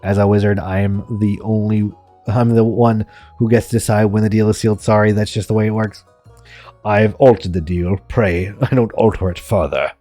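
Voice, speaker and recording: A man's voice: lowish voice, fairly even intonation, dark tone, no echo, soft background music, close to an everyday voice. A man voicing a smug, greedy old-world wizard. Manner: smug, deliberate, menacing. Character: greedy scheming male wizard.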